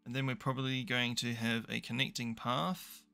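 A man's voice: medium pitch, level tone, normal speed, vocal fry, bright, forceful tone, soft background music. A young man commentating a management game, chatty and thinking aloud with dry, self-mocking asides. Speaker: gaming YouTuber. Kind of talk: casual let's play commentary.

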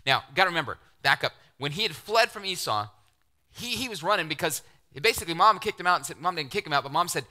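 A middle-aged man preaching a sermon, animated, acting out the voices he quotes and dropping to near-whispers. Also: a little high, fast talker. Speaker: pastor.

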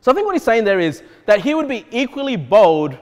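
Male pastor, expressive preaching, wide-ranging pitch, reverberant church sound. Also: fairly quick. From Australia. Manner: animated, repeatedly checks in with "okay?". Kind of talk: expository sermon.

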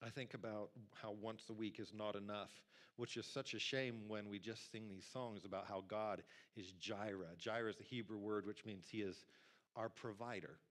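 A man's voice: lowish voice, normal speed. Male pastor, sermon, conversational, talks to the congregation, church sanctuary. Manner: lively, conversational preaching with audience asides.

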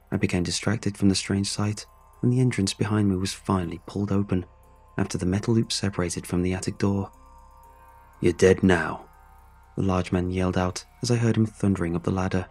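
Man, very deep voice, husky, horror story narration, faint music underneath. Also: a little mellow. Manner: dramatic storytelling reading. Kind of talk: scripted first-person horror narration.

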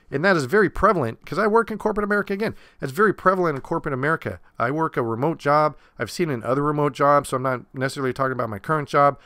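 A man's voice: mid-range voice, fairly bright tone, dry recording. A young man hosting a solo sports podcast, ranting in a blunt, fired-up and sarcastic way. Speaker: podcast host. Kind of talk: opinionated solo podcast rant.

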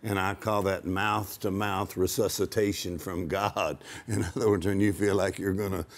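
A man preaching in a conversational way, emphatic, slowing down to quote scripture and laughing now and then. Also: low-pitched, flat delivery.

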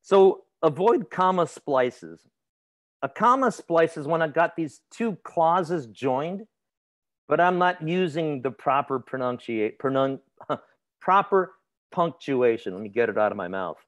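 A man's voice: fairly high pitch, expressive, a little slow. A man teaching a grammar lesson in a conversational way, asking his students questions and laughing easily. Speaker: instructor. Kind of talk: classroom grammar lecture.

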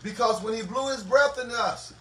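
A man preaching a sermon as the pastor at a Bible study, with impassioned delivery that swells loud on scripture and drops low and soft. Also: a little fast. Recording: echoey room, mic at a distance, faint noise.

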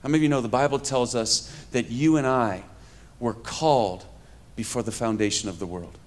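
A man's voice: medium pitch, normal speed. A man in his fifties from New York, preaching a conversational sermon with humor and stories, talking to a live audience. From New York, USA. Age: 50s. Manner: humorous, storytelling, addresses the audience. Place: church hall with a live audience.

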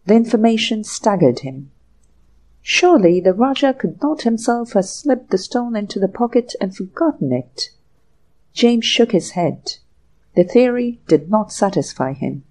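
A woman narrating a classic short story for an audiobook in a measured, even way. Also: medium pitch, rough recording. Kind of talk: scripted narration.

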